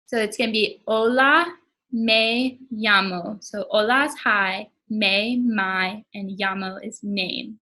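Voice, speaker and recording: Bright-voiced young woman teaching casually. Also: mid-range voice, steady tone, unhurried, few pauses, low-quality recording. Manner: casual, explains words one by one. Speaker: language and culture presenter. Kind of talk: classroom teaching.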